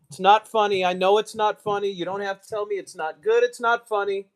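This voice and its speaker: A man's voice: sits high, fairly even intonation, fairly quick, hardly any pauses. An American man chatting casually on a live stream, muttering asides and mocking himself as he goes. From United States. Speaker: streamer, card collector.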